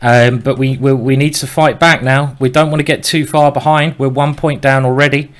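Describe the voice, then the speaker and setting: Male host, mid-pitched, casual excitable chess commentary. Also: normal speed. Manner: excitable, urging players on.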